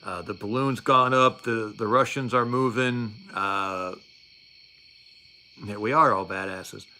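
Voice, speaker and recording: A middle-aged man with a bright, forward voice spins a casual story, rambling and wry. He stops often for fillers and starts his sentences over. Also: fairly low pitch, fairly even intonation, slow pace.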